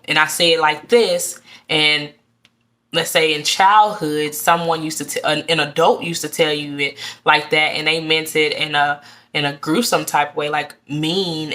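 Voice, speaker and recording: Low-voiced woman giving a tarot reading. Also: pushed and bright. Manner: earnest, repetitive, addressing viewers directly. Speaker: tarot reader. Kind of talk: casual tarot reading to camera.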